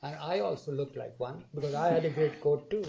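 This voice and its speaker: A mellow-voiced older man, pitched a touch high, tells a rambling story full of asides and chuckles. The sound is muffled and dull, like an old archival tape. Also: fairly quick, gravelly. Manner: rambling, animated retelling with frequent asides and laughter. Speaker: storyteller recounting memories. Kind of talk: casual anecdotal storytelling to a small group.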